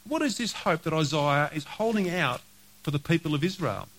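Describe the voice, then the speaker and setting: Earnest man preaching, higher voice. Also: animated, fairly bright tone, rough recording. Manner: earnest, repeats key phrases, slows for scripture quotes. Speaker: pastor. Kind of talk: sermon.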